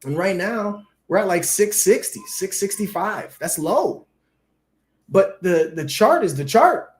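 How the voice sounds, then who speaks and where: A man's voice: high voice, lively intonation, a little slow. A man hosting a casual livestream, talking loose and slangy with frequent swearing. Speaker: livestream host.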